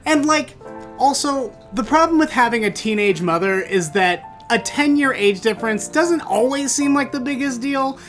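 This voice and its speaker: A man hosting a storytelling show, recounting a bad date in an animated, theatrical way that bursts into exclamations. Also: very high voice, moderate pace, soft background music. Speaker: storytelling podcast host. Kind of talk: comedic personal storytelling.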